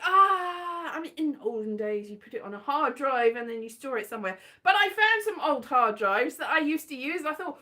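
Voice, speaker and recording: A woman's voice: sits high, sing-song, moderate pace, few pauses, sharp tone. A woman vlogging into her phone at home, chatting in a rambling, scatterbrained, self-mocking way. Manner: chatty, scatterbrained, self-mocking, breaks into silly sung lines. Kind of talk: rambling casual chat with sung bits. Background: keyboard music.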